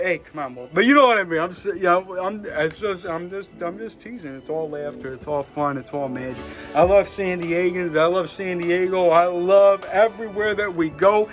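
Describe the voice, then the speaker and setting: A man with a fairly high voice gives a casual motivational talk from home. He rambles and loops back on his ideas, keeping things upbeat. His speech is thick with "you know" and "man". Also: normal speed, soft background music. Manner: rambling and upbeat, many 'you know' and 'man'. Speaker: wellness vlogger. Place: at home, seated in a chair.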